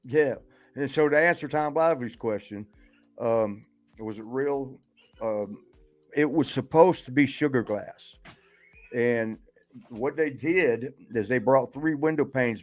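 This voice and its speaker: Older man, retired wrestler, casual storytelling, laughs a lot, swears, podcast mic. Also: mid-range voice. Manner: laughs often, swears, rambling asides.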